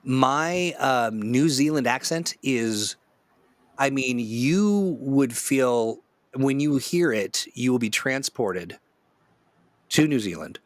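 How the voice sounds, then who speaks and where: A man's voice: medium pitch, lively intonation, slow pace, no room sound. A man hosting a loose, jokey chat, drifting from one silly tangent to the next and laughing often. His voice sits in an ordinary middle range and is recorded close and dry, with no room sound around it. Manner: joking, rambling, laughs often. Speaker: host. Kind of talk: casual chat.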